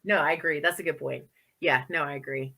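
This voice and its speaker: A woman's voice: low-pitched, steady tone, fairly quick, vocal fry, bright, forceful tone. A woman co-hosting a horror podcast, chatting casually about movies with many fillers and frequent laughs. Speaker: podcast co-host. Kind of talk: casual chat.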